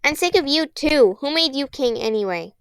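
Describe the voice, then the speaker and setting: A woman's voice: high voice, lively intonation, moderate pace, no room sound, clean studio sound, pitched above the performer's own voice. A woman voicing a cranky, bratty little girl who sneers and snaps in a whiny tone. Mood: cranky, sneering.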